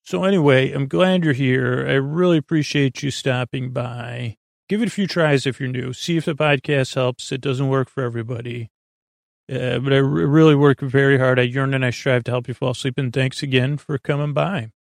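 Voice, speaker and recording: A man hosting a sleep podcast, rambling in a slow, meandering way full of fillers and restarts. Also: medium pitch, fairly even intonation, vocal fry, no room sound, studio quality. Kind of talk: rambling bedtime podcast chat.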